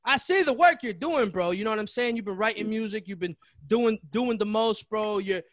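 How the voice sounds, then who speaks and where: High, bright-voiced slangy man. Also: moderate pace, no room sound, studio quality. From Chelsea area. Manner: slangy, says bro constantly. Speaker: podcast co-host. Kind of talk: casual chat.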